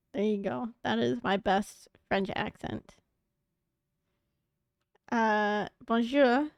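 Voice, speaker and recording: A woman with a high voice chats playfully through a game stream, greeting her viewers as she goes. She speaks at an unhurried pace. The sound is close and dry, with no room around it. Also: creaky, no echo. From Canada. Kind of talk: casual chat while streaming a game.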